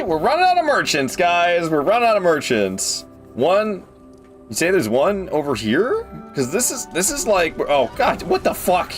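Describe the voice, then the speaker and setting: A man giving casual live commentary on a game, excitable, swearing casually and talking to his chat. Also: a little high. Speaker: game streamer.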